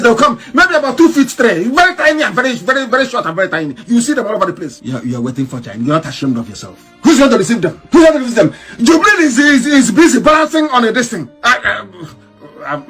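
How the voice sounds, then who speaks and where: High-voiced guy ranting on a live broadcast, voice jumps all over, sneering, tons of rhetorical questions. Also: fairly bright tone, husky. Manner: scornful, mocking, full of rhetorical questions. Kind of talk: impassioned political monologue.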